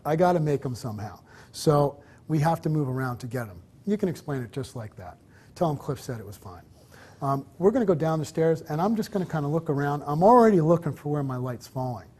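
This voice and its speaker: A fairly high-pitched man with a darkish tone walks through a hotel while teaching wedding photography on location. Encouraging and coach-like, he alternates between directing his subject and addressing the camera to explain.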